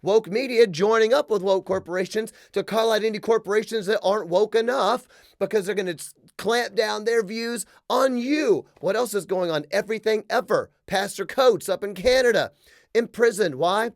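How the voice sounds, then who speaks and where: A male podcast host delivering a comedic political rant, sarcastic and emphatic, swinging between loud punchlines and low asides. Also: moderate pace, no echo, clean studio sound.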